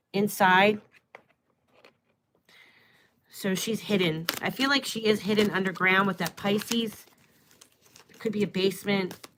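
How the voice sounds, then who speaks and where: A woman's voice: medium pitch, background noise. A woman giving a live-stream tarot reading, musing aloud and trailing off as she asks the cards questions. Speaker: tarot and astrology reader.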